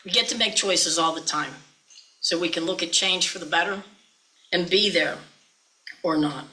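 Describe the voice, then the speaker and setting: A woman's voice: on the low side, normal speed, pushed and bright, rough recording. A woman minister giving a chatty, folksy sermon, often teasing her listeners.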